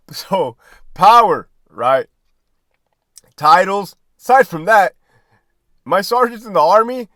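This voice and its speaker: A man's voice: high-pitched, no echo, clean studio sound. A middle-aged man, a former prison guard and army veteran, talking casually and profanely, laughing often. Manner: animated, swearing, laughing often.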